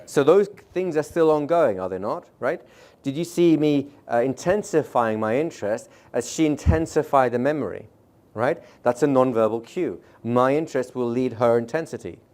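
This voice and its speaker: Brisk, chatty male seminar trainer. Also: mid-range voice, lively intonation, darkish tone. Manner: brisk and conversational, checks in with the audience, slows down sharply to demonstrate. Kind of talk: live teaching to a seminar audience. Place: seminar room with a live audience.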